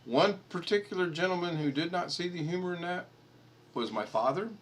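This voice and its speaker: A man's voice: high voice, a little fast, slight background noise. An American man hosting a casual live stream chat, rambling and joking and laughing at his own stories. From United States.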